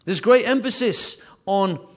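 A man preaching a sermon with emphatic, repetitive phrasing, his voice rising and falling in loudness. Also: sits high, unhurried. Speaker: pastor.

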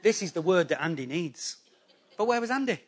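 A man preaching a sermon to a congregation, animated and conversational, acting out people's excuses in quick quoted voices. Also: high-pitched, slightly rough. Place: church hall before a congregation.

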